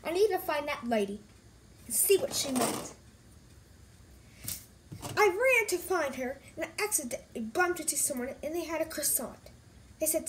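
Woman, very high voice, lively swoops, silly rambling story, giggly. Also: moderate pace. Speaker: vlogger.

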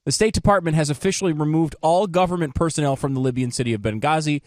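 A man's voice: fairly high pitch, fast, darkish tone, no room sound. A male radio co-host who teases the host and reads news items aloud. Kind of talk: political talk radio. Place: radio studio.

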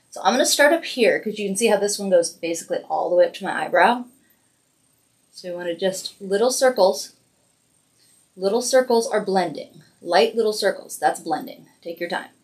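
A woman hosting a casual weekly livestream makeup tutorial, chatty and encouraging as she narrates each step. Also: medium pitch. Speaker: makeup brand host doing a weekly live demo.

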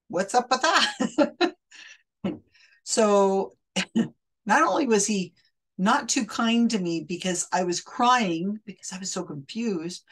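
A woman's voice: medium pitch, fairly bright tone, husky. A woman host explaining an investigation in a chatty, wry way, often restarting her sentences. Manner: chatty, wry, self-correcting. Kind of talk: casual explanatory monologue.

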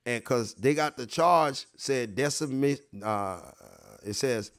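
A man hosts a casual livestream, talking straight to the people watching. He rambles and swears freely, going back over his points again and again to drive them home. His voice sits at an ordinary middle pitch. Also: expressive, slow. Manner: rambling, profane, repeats himself, talks straight to viewers. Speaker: online show host.

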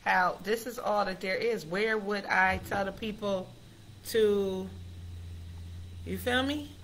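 Live-stream host: a woman, chatty and excitable, bright voice, speaks directly to viewers. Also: medium pitch, slow, a little hiss or hum. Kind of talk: casual live-stream chat.

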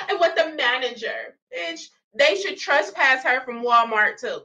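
A woman's voice: high-pitched, moderate pace, few pauses, bright, forceful tone. A woman hosting a reaction channel, ranting in blunt, sassy, profane commentary.

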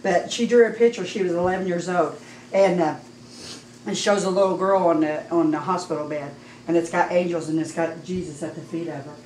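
A middle-aged woman with a Midwestern American accent gives a heartfelt personal testimony in church, her voice rising toward near-shouting as she recounts praising God. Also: fairly low pitch, fairly even intonation, fairly quick. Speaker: church member giving testimony. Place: church sanctuary. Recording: echoey room, distant mic, faint noise.

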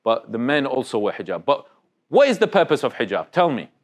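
A man's voice: medium pitch, sing-song, fairly quick, lo-fi sound. A man giving an interactive religious talk to young people, speaking conversationally, questioning the audience and restarting his sentences. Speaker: Islamic speaker.

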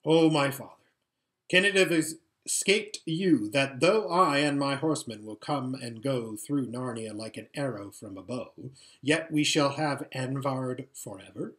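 A man's voice: mid-range voice, a little slow, fairly bright tone, lightly acted. A man voicing an arrogant young male prince who speaks eagerly and pompously.

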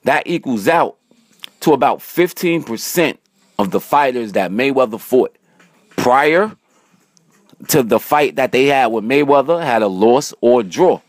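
A man's voice: medium pitch, animated, measured pace, dry recording. A man vlogging, breaking down boxing stats in a casual, slangy way and often tagging his sentences with "man". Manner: slangy, direct-to-camera, repeats "man".

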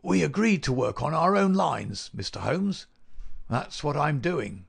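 A man's voice: fairly high pitch, animated, measured pace, creaky, slightly rough, pitched above the performer's own voice, exaggerated voice. A man voicing a shrewd, stubborn police inspector who speaks in guarded, sly replies.

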